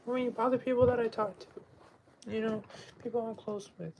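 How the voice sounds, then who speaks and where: A man's voice: very high voice, fairly even intonation, brisk, a little mellow, dull audio, a little hiss or hum. A man on a casual livestream, rambling with many fillers and restarts, upset and pleading.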